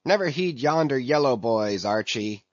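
A man voicing a small, eager whaling mate who shouts orders to his crew in an excited, urgent way. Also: medium pitch, moderate pace, dry recording, highs cut off, lightly acted. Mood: urgent shouting.

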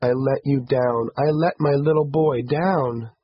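A man's voice: mid-range voice, animated, a little slow, husky, dry recording, voice pushed up. A man voicing a remorseful grown mother who pleads and apologizes through tears in a story reading. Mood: tearful. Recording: dull, slightly muffled recording.

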